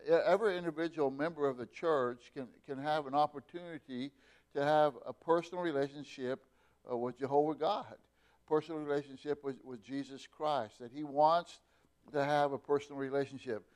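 A middle-aged male pastor preaching a sermon, speaking slowly with many repeated words and fillers. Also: fairly high pitch, steady tone, darkish tone.

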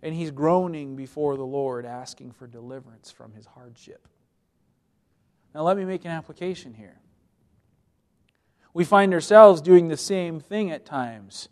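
High-voiced man preaching a sermon. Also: measured pace, long pauses. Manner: emphatic, swings between loud pleading and quiet asides.

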